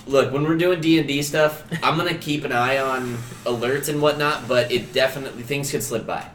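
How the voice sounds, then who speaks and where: A man's voice: medium pitch, fairly even intonation, brisk, a bit bright. A man casually narrating a tabletop game as game master, laid back and swearing freely. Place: home streaming room. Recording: roomy echo with faint ambient noise.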